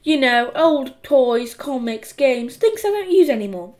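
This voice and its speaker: A woman voicing a bratty schoolboy who yells, whines and demands things in an audiobook. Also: high voice, very animated, a little slow. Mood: scheming. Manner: shouty, sulky, demanding. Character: bratty schoolboy yelling and whining. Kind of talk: audiobook character voice.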